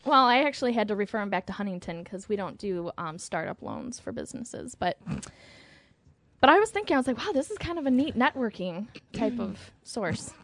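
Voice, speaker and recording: A woman's voice: mid-range voice, very animated, fairly quick. A woman casually telling a dating story on a podcast, often breaking into giggles. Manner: giggly, laughs through her storytelling. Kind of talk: casual chat.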